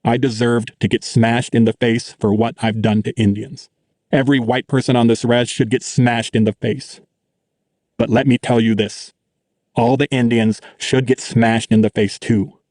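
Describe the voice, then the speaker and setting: A man voicing a weary, earnest older male teacher who speaks low, slow and urgent. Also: level tone, a little mellow, dry recording, clean studio sound, close to an everyday voice.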